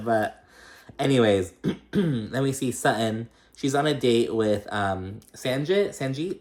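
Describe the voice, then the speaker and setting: A young man hosting a casual reality TV recap, chatty and profane, laughing often and mimicking people in a high voice. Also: animated, slow pace.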